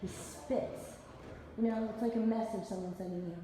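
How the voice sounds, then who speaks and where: A woman's voice: mid-range voice, steady tone, normal speed, dark tone. A woman complaining in an exasperated way about a man who spits behind her. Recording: echoey hall recording with faint noise.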